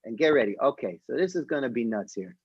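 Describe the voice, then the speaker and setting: A young man, a rabbi, teaching a casual online class and retelling a story in a joking, lively way. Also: mid-range voice, fast, husky, lo-fi sound. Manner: lively, jokey retelling with voiced characters. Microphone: video call.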